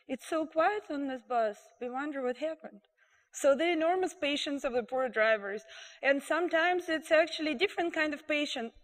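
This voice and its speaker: High-voiced woman telling bus stories. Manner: animated, amused anecdotal telling. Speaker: storyteller. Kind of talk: live storytelling. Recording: reverberant live venue.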